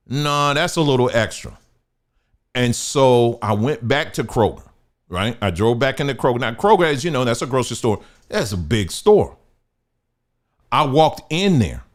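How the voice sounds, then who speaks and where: A man hosting a podcast, giving emphatic, preachy advice in a casual monologue. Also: medium pitch. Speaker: podcast host.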